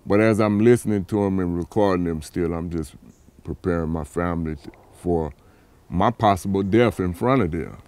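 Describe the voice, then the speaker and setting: A father with a deep voice tells his own story in an interview at a moderate pace. Animated throughout, he acts out past dialogue in a raised voice as part of this personal account.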